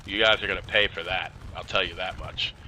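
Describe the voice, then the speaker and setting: A man's voice: sits low, fairly even intonation, brisk, bright, forceful tone, a little hiss or hum, rough recording. A man giving casual, chatty commentary on a strategy game he is playing, with exasperated, sarcastic asides. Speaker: gameplay commentator.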